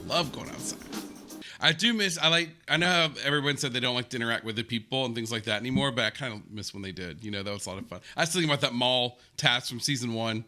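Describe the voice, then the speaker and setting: A man's voice: mid-range voice, quick pace, sharp tone, faint music behind. An American man giving casual, chatty reaction commentary. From United States. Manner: chatty, exclaiming. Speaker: reaction video host.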